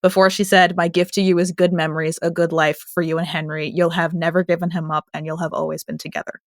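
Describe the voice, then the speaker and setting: A woman in her late twenties talks on a podcast in an easy, chatty way and gets emotional. Her voice sits a little low. The close mic sounds dry. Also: level tone, fast, no room sound. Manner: chatty, emotional, laughs often. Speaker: podcast co-host. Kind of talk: casual chat.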